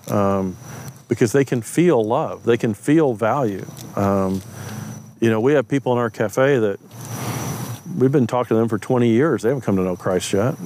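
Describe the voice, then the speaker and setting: A man's voice: medium pitch, darkish tone, slight background noise. A man, perhaps a pastor, casually telling a story about faith, acting out the lines of people he met, with plenty of ums and uhs. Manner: anecdotal, acts out quoted dialogue, frequent fillers. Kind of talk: conversational storytelling talk.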